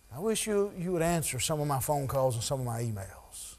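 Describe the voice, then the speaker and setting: A man's voice: expressive, brisk, hardly any pauses. Impassioned man preaching a sermon. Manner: builds from quiet talk to loud, high-pitched preaching. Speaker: pastor. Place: church.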